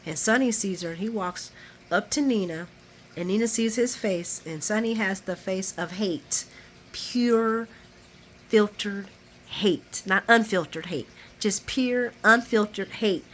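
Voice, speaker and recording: A woman vlogger giving a chatty, animated recap of a soap opera episode. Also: medium pitch, measured pace, slight background noise.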